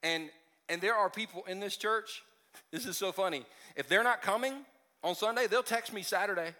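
A man's voice: sits high, normal speed, sharp tone, long reverb tail. A male pastor preaching a conversational sermon, joking and stumbling over restarts as he talks to his congregation. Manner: conversational and self-deprecating, with frequent restarts and asides. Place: church sanctuary.

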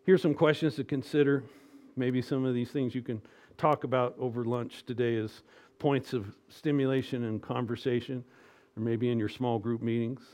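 A middle-aged male pastor delivering a sermon, moving between hushed, almost whispered reassurance and loud, emphatic exhortation. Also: mid-range voice, steady tone, moderate pace.

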